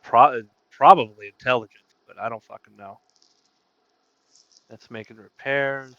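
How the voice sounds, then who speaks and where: A man's voice: medium pitch, measured pace, no echo, highs cut off. A man playing a tabletop game, chatting casually and swearing offhandedly. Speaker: player.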